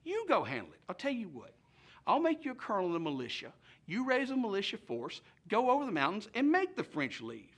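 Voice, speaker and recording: A man's voice: high voice, huge pitch swings, brisk, fairly bright tone, pitched above the performer's own voice, full character voice. A man voicing a firm, decisive male colonial governor in a history lesson. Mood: commanding.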